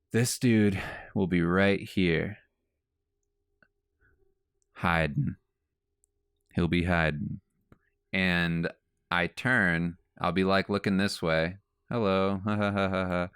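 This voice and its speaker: Low, slow-talking man telling a story. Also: clear, resonant tone, no room sound, studio quality. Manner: rambling, animated storytelling with frequent asides. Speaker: comic artist and podcast host. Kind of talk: casual storytelling while drawing.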